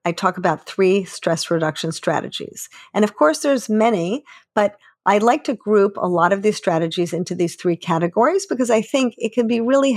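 A woman hosting a podcast, explaining calmly and encouragingly with everyday examples. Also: mid-range voice, no echo, studio quality. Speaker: podcast host and author.

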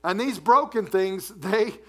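A man preaching a sermon as pastor, animated, dropping low and soft to read scripture. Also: takes it slowly.

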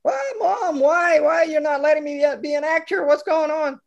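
A man's voice: extremely high pitch, moderate pace, vocal fry, lo-fi sound, pitched above the performer's own voice. A man voicing a young boy who whines and pleads to be allowed to act. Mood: pleading. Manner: whining, pleading.

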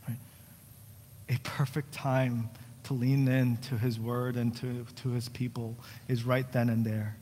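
A man's voice: mid-range voice, little pitch movement, measured pace, a little mellow, a little hiss or hum. A young adult man from New Jersey preaching a sermon to his congregation, conversational and earnest, mixing joking asides with pleading calls to his church. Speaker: pastor. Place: church sanctuary. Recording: long church hall reverb.

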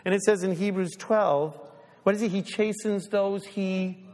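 High-voiced pastor preaching in a reverberant hall. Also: male voice, a little slow. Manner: animated, acts out little voices, ends in quiet prayer. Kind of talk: sermon. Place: church sanctuary. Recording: long church reverb.

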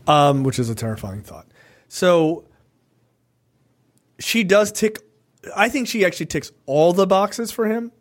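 A man's voice: high-pitched, a little slow, long pauses. A man co-hosting a podcast, talking politics casually in a profane, rambling way, tossing in lots of "right?". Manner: profane, animated, rambling with many "right?" asides. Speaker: podcast co-host.

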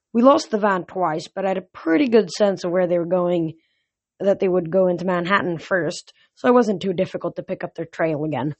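Low-voiced woman reading a story aloud. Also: a little mellow, no room sound. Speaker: reader. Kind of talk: storybook read-aloud narration. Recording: dull lo-fi recording.

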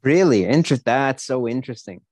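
A man's voice: mid-range voice, animated, a little fast, darkish tone, no echo. A man co-hosting a podcast in casual chat, swearing a lot and ranting in a mocking tone. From United States. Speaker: podcast co-host.

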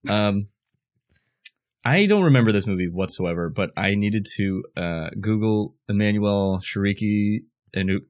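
A man co-hosting a casual podcast, reading news aloud haltingly with fillers, restarts and jokes. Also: on the low side, expressive, dry recording, studio quality. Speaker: podcast co-host.

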